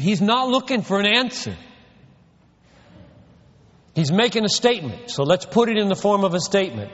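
Male pastor preaching emphatically, high lively voice, dull recording in a reverberant hall. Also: moderate pace. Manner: emphatic, rhetorical questions, swings from quiet to loud. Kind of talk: sermon.

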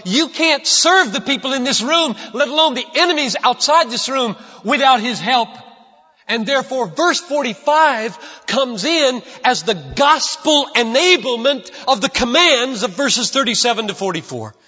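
A man's voice: extremely high pitch, animated, normal speed, sharp tone, husky. A man preaching a sermon in a church sanctuary, emphatic and repeating key lines for stress. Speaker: pastor. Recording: dull lo-fi recording with long hall reverb.

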